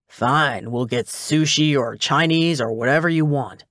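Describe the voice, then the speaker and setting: A wry male detective speaks in an audiobook, read by a man. His voice sits mid-range and sounds plain and unhurried. He delivers lines matter-of-factly, with a teasing edge, in a dead-dry studio sound. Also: medium pitch, a bit bright, no room sound, lightly acted. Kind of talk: audiobook dialogue.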